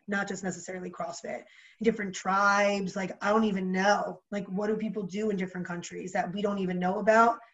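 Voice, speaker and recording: A woman with a New Jersey accent chatting as a podcast guest, bubbly and animated, full of "like" fillers. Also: medium pitch, brisk, dull audio. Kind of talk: casual chat.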